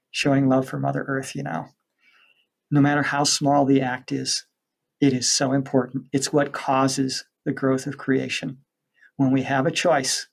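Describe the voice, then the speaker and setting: A man's voice: medium pitch, creaky, breathy edge. A man who is an author and spiritual counselor, giving interview answers with earnest, preachy conviction.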